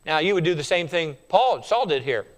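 A male preacher works through a passage with emphatic repetition and keeps turning questions on his listeners. His voice sits a little high and swings widely in pitch. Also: sing-song, moderate pace. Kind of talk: sermon.

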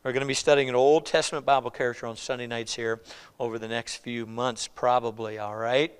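A man preaching a sermon as a pastor, conversational, often checking in with "all right?" and moving between loud emphasis and quiet asides. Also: medium pitch, fairly even intonation, a little fast, clear, resonant tone. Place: church.

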